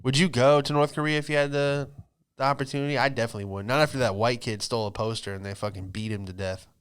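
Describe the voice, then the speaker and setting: A man hosting a podcast, doing a loose, profane comedic monologue and slipping into quick put-on voices. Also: mid-range voice, fairly even intonation, clear, resonant tone. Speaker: podcast host, stand-up comedian.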